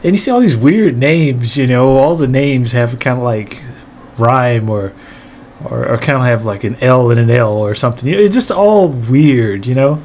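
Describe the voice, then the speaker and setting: A man telling a funny story from his childhood, animated and profane, often laughing as he goes. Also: medium pitch, normal speed, a little hiss or hum. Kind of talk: comedic storytelling monologue.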